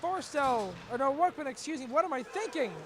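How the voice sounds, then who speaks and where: Live hockey commentary is delivered by a young male play-by-play caller whose voice is very high. Amid the noisy, loud rink, he rattles along excitably and yells on every scoring opportunity.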